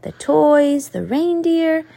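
A woman's voice: high voice, animated, slow pace, gravelly, heavily acted. A woman reading aloud and voicing a cheerful older woman, Santa's wife, who speaks like an announcer.

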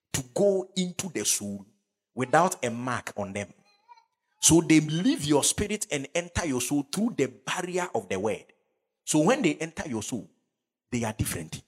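Fervent preacher, husky and animated. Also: male voice, medium pitch. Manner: fervent preaching with call and response to the congregation. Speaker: pastor. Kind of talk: sermon.

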